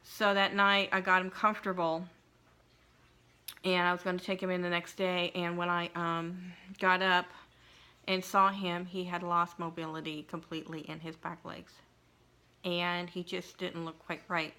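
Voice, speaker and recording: A middle-aged woman vlogger telling a personal story in an emotional, halting way, with frequent restarts and pauses. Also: lowish voice, flat delivery, pushed and bright, clear, resonant tone. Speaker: craft vlogger.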